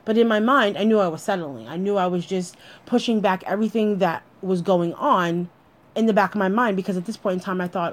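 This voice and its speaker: A woman's voice: mid-range voice, brisk. A woman telling a personal story in a blunt, candid way, swearing freely as she talks.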